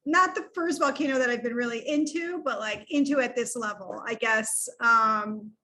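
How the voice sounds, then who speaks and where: A woman with a notably high voice chats as a podcast guest. She tells stories with animation and laughs often. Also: moderate pace, pushed and bright. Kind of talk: casual chat between friends.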